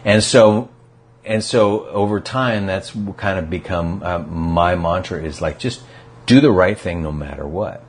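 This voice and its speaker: A man as a podcast guest, talking casually about recovery and acting out quotes in animated stories. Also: deep voice, a little slow.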